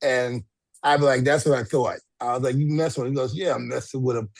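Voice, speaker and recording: Animated storytelling man, dry mic. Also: medium pitch, brisk, gravelly, dry recording. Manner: animated storyteller acting out quotes, frequent fillers. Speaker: podcast co-host, retired wrestler. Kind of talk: casual storytelling.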